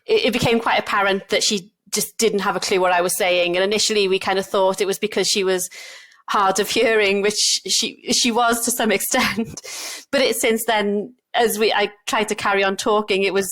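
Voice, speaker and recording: A woman's voice: mid-range voice, fairly even intonation, normal speed, fairly bright tone. A woman doctor with a Welsh accent, telling funny work stories in a casual podcast chat. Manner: chatty, laughs through her stories.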